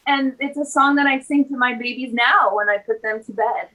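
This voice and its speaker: A woman in her thirties hosts a casual chat, her voice high and bright. She talks with heartfelt enthusiasm and emotion. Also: steady tone, normal speed, few pauses, rough recording. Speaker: host.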